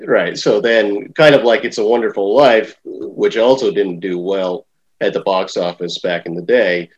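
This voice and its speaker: A man's voice: low voice, slightly rough, dull audio. A middle-aged man hosting a podcast interview, talking in a hesitant, rambling way with lots of fillers. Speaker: podcast host. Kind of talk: casual interview chat.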